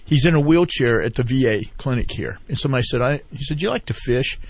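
A man's voice: medium pitch, expressive, fast talker. Earnest rambling man on a talk show. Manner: rambling storyteller who retells others' words. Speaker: veteran guest promoting a fishing group. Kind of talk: casual talk-radio interview.

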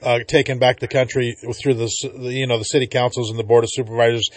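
Laid-back male talk radio host, mid pitch, dry studio mic. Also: little pitch movement, quick pace, no echo. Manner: casual, many filler uhs.

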